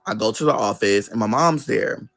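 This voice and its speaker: A man's voice: fairly low pitch, normal speed, gravelly. A young adult man telling a personal family story as an interview guest. He acts out the voices of the people in it and swears casually. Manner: animated storyteller who acts out the people he quotes.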